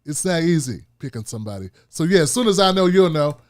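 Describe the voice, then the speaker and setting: A man hosting a political commentary show, talking in an animated, casual and repetitive way. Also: on the high side, quick pace. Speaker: host.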